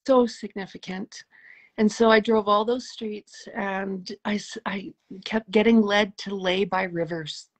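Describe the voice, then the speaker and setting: A middle-aged woman telling a personal spiritual story as an interview guest, earnest and emotional, often dropping to a soft hushed tone. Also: medium pitch, takes it slowly.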